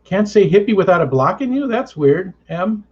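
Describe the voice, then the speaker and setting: A man's voice: sits high, big pitch swings, normal speed, breathy edge. A man hosting a livestream in easygoing, casual chat, laughing often and thinking aloud. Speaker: livestream host. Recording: slightly muffled lo-fi audio.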